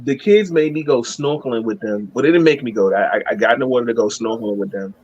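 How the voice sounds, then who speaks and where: A man's voice: mid-range voice, fast, darkish tone, slightly rough, highs cut off. A man telling a long, rambling story in casual chat, swearing and laughing at himself. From Maryland. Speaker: guest.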